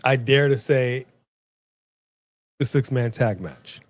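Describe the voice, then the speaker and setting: A man's voice: mid-range voice, takes it slowly, dry recording, clean studio sound. Chatty man co-hosting a livestream. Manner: chatty, animated, addresses the chat. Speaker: co-host of a wrestling watch-along. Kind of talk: casual live-stream chat.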